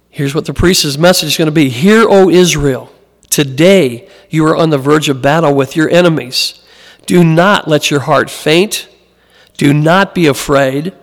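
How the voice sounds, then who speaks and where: Man, pastor, conversational sermon, slightly high voice, long hall reverb. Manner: conversational preaching, acts out quoted voices.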